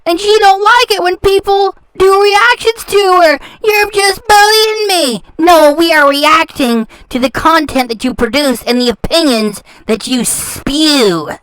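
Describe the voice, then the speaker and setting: A woman's voice: high voice, unhurried, hardly any pauses, a bit bright, dry recording. A woman hosting a reaction channel, ranting in a sarcastic, taunting way and repeating words for scorn. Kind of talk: ranting commentary.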